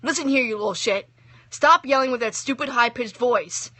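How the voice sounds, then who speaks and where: A woman's voice: on the high side, normal speed, sharp tone, dry recording. Woman reading as Death, a grumpy cloaked reaper. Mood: irritated. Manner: exasperated, snappish, easily flustered.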